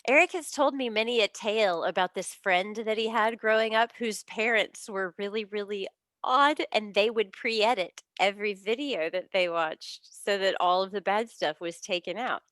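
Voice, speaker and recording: A woman hosting a casual chat with a friend, bubbly and gushing, her pitch leaping when she gets excited. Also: moderate pace, no echo, studio quality. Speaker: podcast host.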